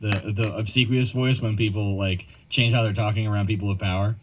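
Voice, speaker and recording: Wry low-voiced man hosting a call. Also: steady tone, brisk. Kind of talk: casual video call chat.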